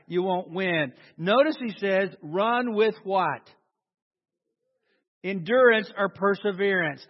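A man preaching a sermon to a congregation, emphatic and calling for responses. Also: high voice. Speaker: pastor. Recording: dull sound in a long-reverb hall.

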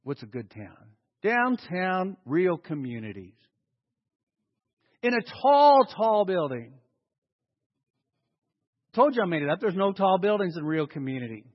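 A man preaching a sermon as a pastor, telling stories and swinging from loud acted-out quotes to hushed, slow emphasis. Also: high-pitched, sing-song. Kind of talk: sermon storytelling. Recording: dull sound with long hall reverb.

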